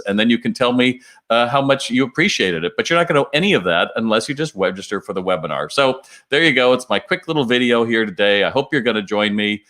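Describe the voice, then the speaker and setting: A man's voice: fairly low pitch, fairly bright tone. A man working as a retail consultant, speaking in a casual promotional video and telling stories with fillers and restarts. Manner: chatty storytelling with fillers and restarts.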